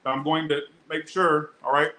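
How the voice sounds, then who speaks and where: A man's voice: on the high side, flat delivery, normal speed, sharp tone, roomy sound, poor audio. A young man doing a casual tarot reading, chatty and blunt, swearing freely as he talks to his viewers. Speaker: tarot reader.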